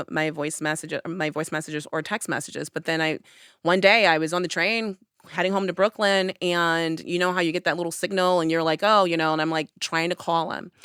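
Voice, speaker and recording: Young woman on a podcast, kinda low voice, super smooth, tells her story and plays out what she said back then. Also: no room sound, studio quality. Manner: animated storyteller who acts out her own past lines. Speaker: podcast host. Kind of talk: casual chat, personal storytelling. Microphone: studio podcast mic.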